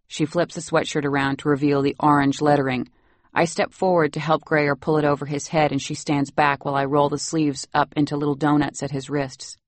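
A woman narrating a novel in the first person, wry and lively. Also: sits low, fairly quick, no room sound. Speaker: audiobook narrator.

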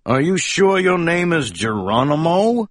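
A man's voice: on the high side, sing-song, measured pace, no echo, studio quality. A man voicing a plump, lazy male mouse who works as a hotel clerk, mumbling and drawling between yawns. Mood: bored. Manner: yawning, mumbling, unbothered drawl. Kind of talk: storybook reading.

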